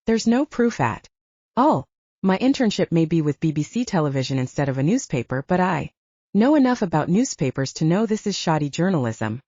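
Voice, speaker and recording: A woman's voice: low voice, very animated, fairly quick, dark tone, dry recording, dull audio. A woman voicing an outspoken, opinionated young woman intern in an audiobook.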